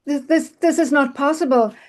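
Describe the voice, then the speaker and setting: A woman's voice: high voice, normal speed, voice pushed up, close to an everyday voice. A woman voicing a timid old fisherman who stammers and pleads in fear. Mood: frightened, pleading.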